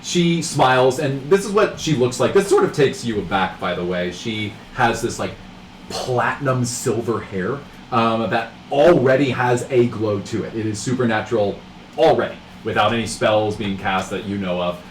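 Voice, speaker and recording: A man's voice: mid-range voice, moderate pace. A young man running a tabletop game as game master, narrating loosely with many fillers. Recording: roomy, distant mic with faint noise.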